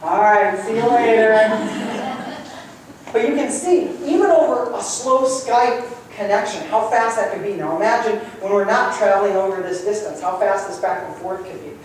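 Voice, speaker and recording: A man's voice: sits high, moderate pace. A man giving a conversational, good-humored public lecture to a community audience and taking questions. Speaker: guest lecturer. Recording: roomy hall sound from far off, faint noise.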